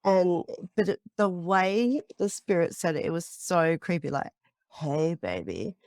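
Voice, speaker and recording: A woman's voice: fairly low pitch, measured pace, a little mellow, no echo, studio quality. A woman, a psychic paranormal investigator, telling stories in casual podcast chat with lots of fillers. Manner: chatty storytelling with many fillers.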